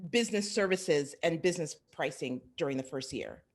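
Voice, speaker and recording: A woman's voice: low voice, expressive, brisk. A woman hosting an interview as a business coach, asking questions and affirming her guest. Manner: brief affirming prompts and questions.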